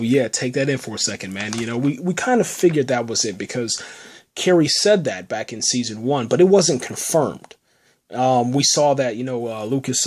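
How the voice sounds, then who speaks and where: Rambling man recapping a TV episode. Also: medium pitch. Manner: rambling, says "man" and "you know" constantly; excitable, enthusiastic about the show. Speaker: podcast host reviewing a TV episode. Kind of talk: casual spoken recap.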